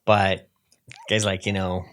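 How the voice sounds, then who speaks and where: A man co-hosting a casual podcast chat, an animated storyteller who slips into impressions. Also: low voice, takes it slowly. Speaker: podcast co-host.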